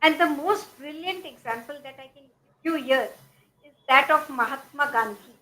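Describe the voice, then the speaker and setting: High, bright-voiced Indian woman coach. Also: slight background noise, rough recording. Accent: Indian English. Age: middle-aged. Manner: measured, explanatory, fond of examples and quotes. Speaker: guest speaker, life coach. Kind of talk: motivational interview talk.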